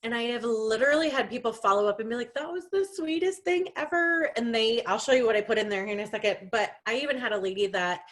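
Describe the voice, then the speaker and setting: A young woman talks fast with few pauses, her voice a little high and a bit bright, as she casually trains her sales team over a video call. The chatty delivery is full of fillers, restarts, and self-mocking jokes.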